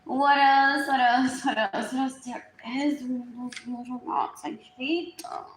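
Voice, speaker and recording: A woman talks on a live stream at home, in a somewhat high voice. She rambles, repeats herself and drifts into low murmurs. The room gives her voice a noticeable echo, with a faint hiss behind it. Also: little pitch movement, measured pace. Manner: repetitive, drifting, often trailing into murmurs. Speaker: livestreamer. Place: indoors at home. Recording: roomy echo.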